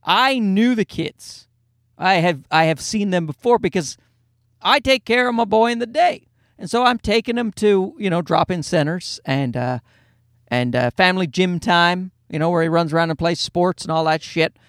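A man's voice: high voice, expressive, normal speed, fairly bright tone, no echo, studio quality. A male podcast host and stand-up comedian telling a rambling, profane, self-deprecating comic story.

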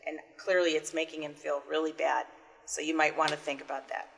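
Woman, co-host, earnest, advice-giving, somewhat low voice. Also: level tone, a little fast, gravelly, fairly bright tone, long reverb tail, slight background noise. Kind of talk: casual chat.

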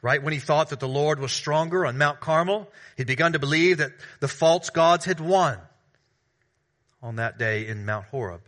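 A man preaching a sermon, reading scripture and then expounding it earnestly, building louder through repeated phrases and dropping soft on asides. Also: on the high side, normal speed. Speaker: pastor.

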